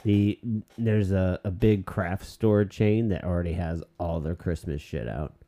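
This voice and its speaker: A man's voice: sits low, unhurried, mellow. A man co-hosting a casual podcast, teasing the others, swearing and laughing a lot. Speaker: podcast co-host. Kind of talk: casual chat.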